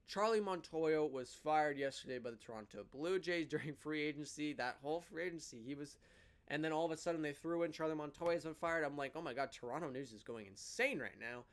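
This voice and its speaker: A man hosting his own fan show, giving a casual sports recap and opinions with excitable energy, rattling off stats. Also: a little high. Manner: excitable, rattles off stats, lively rises and dips.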